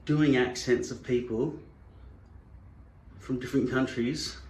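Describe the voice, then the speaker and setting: A man's voice: medium pitch, fairly even intonation, takes it slowly, darkish tone, reverberant. A man hosting a vlog, musing and digressing wryly as he works. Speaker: channel host. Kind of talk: rambling vlog monologue.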